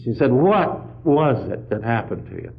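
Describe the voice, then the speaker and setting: A man preaching a storytelling sermon, retelling a story full of "he said" and swelling to loud, emphatic peaks. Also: mid-range voice, big pitch swings, normal speed, a little hiss or hum. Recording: dull lo-fi sermon recording.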